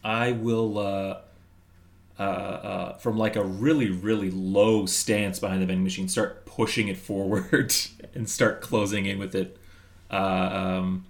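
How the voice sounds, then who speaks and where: A man playing a tabletop game, describing his character's moves haltingly with many fillers. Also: low-pitched, level tone, creaky. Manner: hesitant, full of ums and likes. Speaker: player.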